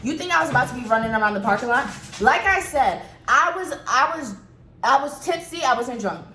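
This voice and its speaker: A young woman in her twenties telling a storytime vlog in an animated, profane and blunt way. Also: high voice, brisk. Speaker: vlogger. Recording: roomy echo, faint noise.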